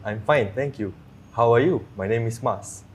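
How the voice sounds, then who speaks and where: A man's voice: mid-range voice, normal speed, husky. Man replying briefly from a distance. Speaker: model in a demonstration.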